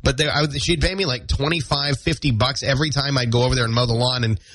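A man's voice: mid-range voice, steady tone, fast, a bit bright, no echo, rough recording. A man hosting a morning radio show, chatting playfully and joking between calls. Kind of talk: casual radio banter. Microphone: studio microphone.

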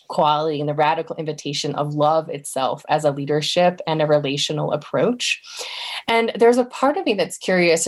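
Woman guest thinking out loud, lowish voice, lots of ums, searching for words. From United States. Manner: thoughtful, searching, many fillers. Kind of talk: reflective conversation.

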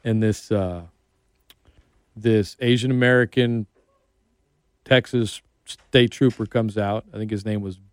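A man's voice: on the low side, steady tone, slow, pauses often, clear, resonant tone, dry recording. Man, radio host, middle-aged, casual sports talk, chatty, acts out quotes, dry studio sound. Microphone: studio mic.

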